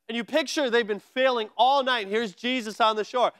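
A man delivers a sermon, his voice sitting high for a man. He preaches with energy and a chatty, playful touch. The sound is close and dry, with no room around it. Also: fairly quick, hardly any pauses, a bit bright, smooth, dry recording. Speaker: pastor.

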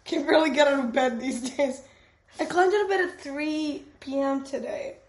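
Young woman cohost, high voice, laughs and swears a lot, roomy echo. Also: moderate pace. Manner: laughs often, swears, trails off. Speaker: podcast co-host. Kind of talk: casual chat. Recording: echoey room.

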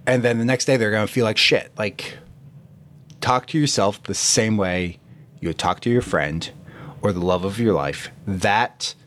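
A young man hosting a fitness podcast, talking in a blunt, profane and animated way about self-talk. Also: on the low side, a little slow. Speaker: podcast host. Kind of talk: casual motivational talk.

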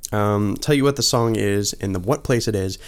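A young man with a somewhat low voice co-hosts a podcast. He chats casually and rambles, filling his talk with ums and false starts. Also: normal speed, clear, resonant tone. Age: young adult. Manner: rambling, many ums and restarts. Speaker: podcast co-host. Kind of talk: casual chat.

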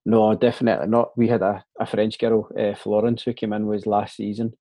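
A man's voice: on the low side, level tone, fairly quick, mellow, dry recording. A Scottish man hosting a casual chat, talkative and matey, often calling his guest mate or man.

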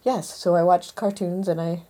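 A woman's voice: lowish voice, fairly even intonation, moderate pace, mellow. A woman co-hosting a radio show in casual chat, wry and self-mocking.

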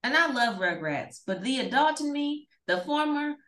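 A woman co-hosting a casual podcast chat, telling stories in an animated, emphatic way. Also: sits high, moderate pace. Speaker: podcast co-host. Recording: echoey room.

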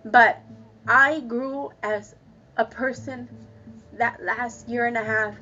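A woman telling a personal story candidly, with emotional laughs and halting restarts. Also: on the high side, fairly even intonation, pushed and bright, highs cut off, slight background noise. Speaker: guest sharing a personal story.

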